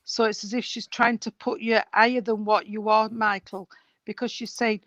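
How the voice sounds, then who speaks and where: A woman's voice: fairly high pitch, little pitch movement, normal speed, a bit bright, no room sound, dull audio. A woman working as a spiritualist medium, chatty and rambling, calling people sweetheart and darling as she gives a reading over a video call. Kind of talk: live mediumship reading at an online service.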